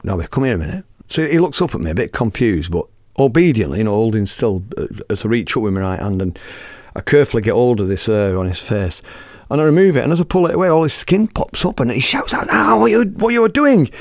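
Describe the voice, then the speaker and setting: A man in his fifties hosting a podcast, telling a story in a lively, casual way, acting out the scene and swearing freely. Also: fairly low pitch, fast talker, no echo, studio quality. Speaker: podcast host and musician.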